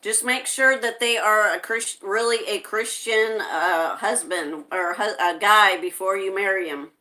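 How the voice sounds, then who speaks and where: A woman hosting a casual livestream, reading viewer comments aloud and answering them gently, with frequent hesitations. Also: medium pitch, measured pace. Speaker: livestream host.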